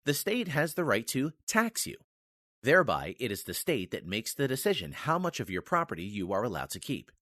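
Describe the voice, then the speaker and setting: Man, formal nonfiction reading, measured, emphatic, very animated pitch, dry close sound. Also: no room sound. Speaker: reader of a history book.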